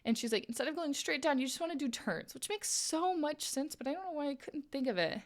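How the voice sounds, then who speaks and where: A young woman streamer telling a story in a casual, animated chat, with lots of "like"s while she crafts on a live stream. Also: high-pitched, fast. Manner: chatty, animated, many "like"s, acts out quoted voices. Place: home streaming setup, crafting while talking.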